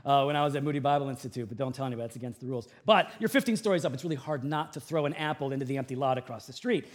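A pastor in his thirties preaching a sermon, with a humorous storytelling manner and lively shifts. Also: mid-range voice, very fast.

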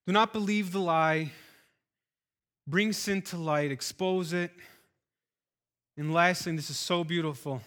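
A man's voice: sits high, a little slow, fairly bright tone. A man preaching a sermon as pastor of his church, speaking earnestly and building to emphatic, repeated exhortations.

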